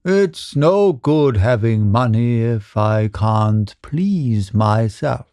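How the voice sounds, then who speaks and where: A man's voice: mid-range voice, lively intonation, extremely slow, mellow, clear, resonant tone, dry recording. A man voicing a sly, contented old man who speaks mildly and hesitantly. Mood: sly contentment. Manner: mild and hesitating.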